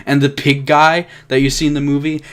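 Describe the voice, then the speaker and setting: A man's voice: fairly high pitch, level tone, brisk, a bit bright. A young man reviewing a film, ranting with lots of swearing and mocking impressions of the characters. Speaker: movie reviewer.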